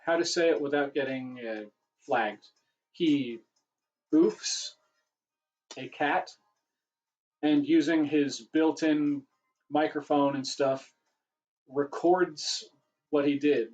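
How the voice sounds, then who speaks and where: A man's voice: fairly high pitch, steady tone, slow, long pauses, darkish tone, muffled recording. A man hosting a casual livestream Q&A, rambling and correcting himself, his voice getting worn. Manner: rambling, self-correcting, chatty. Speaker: livestream host answering questions.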